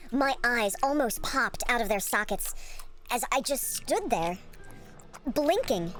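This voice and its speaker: A woman's voice: high voice, sing-song, moderate pace, soft background music. A woman streamer reading a horror game's story aloud, breaking off into joking, laughing asides. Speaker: gaming streamer. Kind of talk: reading a game aloud with reactions.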